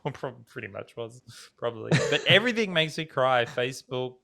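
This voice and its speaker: Australian man, 30s, podcast co-host, casual chat, joking, animated, swears. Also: mid-range voice, brisk, creaky, a crowd in the background. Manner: joking, animated storytelling with frequent swearing and laughter.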